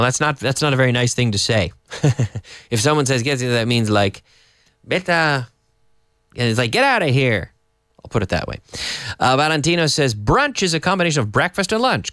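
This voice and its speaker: A man teaching a live online English lesson, explaining slowly and adding Spanish glosses. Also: medium pitch, a bit bright, no echo, clean studio sound.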